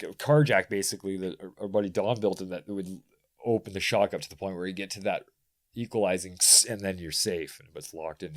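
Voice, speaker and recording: Deep-voiced man telling rambling stories. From rural Ontario, Canada. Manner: animated storyteller, rambling with restarts. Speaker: podcast guest, bike mechanic. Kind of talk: casual chat.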